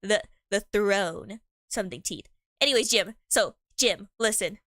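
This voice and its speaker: Young woman streamer, giggly and rambling, bright higher voice, dry close sound. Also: unhurried, no echo. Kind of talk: improvised role-play chat.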